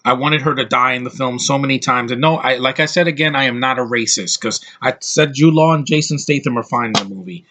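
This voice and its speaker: A man's voice: medium pitch, fairly quick, few pauses, bright, forceful tone. Opinionated man rambling through a film review. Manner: rambling and opinionated, with frequent restarts. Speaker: movie reviewer.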